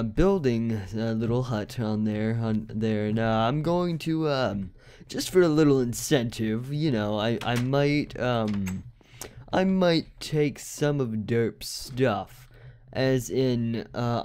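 A man's voice: medium pitch, a little mellow, clear, resonant tone. A man giving casual game commentary, rambling with many fillers and restarts. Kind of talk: casual let's-play commentary.

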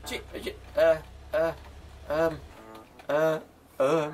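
A man's voice: a little high, expressive, extremely slow, pauses often, soft background music. Chatty man playing shopkeeper. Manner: chatty, banters with game customers, mock shopkeeper voice. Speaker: gaming YouTuber. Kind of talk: comedic gameplay commentary.

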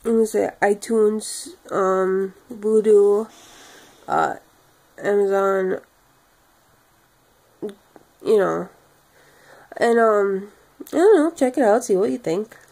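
Tired, creaky-voiced woman vlogger. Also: mid-range voice, slow pace, long pauses. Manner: monotone, many fillers. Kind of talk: casual vlog sign-off.

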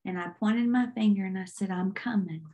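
A woman's voice: mid-range voice, fairly even intonation, fairly quick, warm tone. A woman minister giving an earnest testimony, retelling a dream vividly in a sermon. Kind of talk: sermon storytelling.

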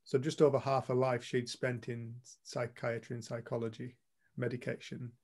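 A man's voice: medium pitch, level tone, normal speed, darkish tone. A man co-hosting a retreat, telling a story to a group in a blunt, earnest way and swearing casually. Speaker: retreat co-host. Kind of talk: candid storytelling talk to a group.

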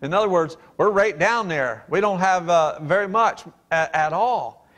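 At a normal speed and with a fairly bright, high-sitting voice, a man delivers a sermon in which he reads King James scripture aloud and then explains it in an earnest, emphatic manner.

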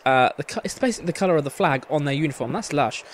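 A man's voice: a little high, animated, very fast. A man doing casual, sweary, self-mocking commentary over a football video game. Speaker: gaming commentator. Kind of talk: casual let's-play commentary.

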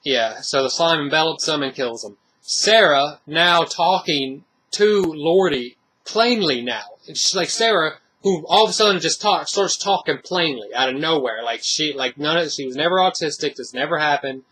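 A man's voice: a little high, expressive, moderate pace, hardly any pauses, pushed and bright, breathy edge. A man giving a casual, rambling spoken movie review, full of fillers and restarts.

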